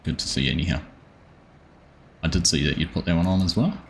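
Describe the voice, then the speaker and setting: A man's voice: deep voice, quick pace, creaky. A man streaming a farming game live, chatting easily and greeting viewers by name with plenty of ums.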